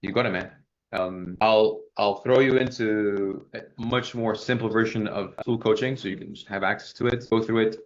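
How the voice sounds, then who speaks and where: A man in his thirties, a sales coach giving casual feedback, who talks fast and animatedly and acts out sample questions. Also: fairly low pitch, fairly even intonation, dull audio.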